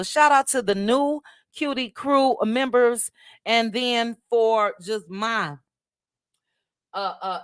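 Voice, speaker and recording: Midwestern woman, casual livestream host, talkative and friendly with chat; smooth, resonant tone, dry recording. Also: mid-range voice, fairly bright tone, no echo. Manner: chatty, thanks viewers by name, drops "child" asides. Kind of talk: casual livestream chat reading viewer comments.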